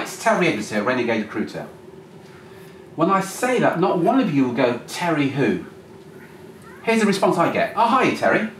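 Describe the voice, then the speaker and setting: A man presenting a live seminar to a room, lively and acting out phone calls. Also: on the high side. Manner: animated, acts out phone calls. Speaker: workshop presenter. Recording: roomy, distant mic, faint noise.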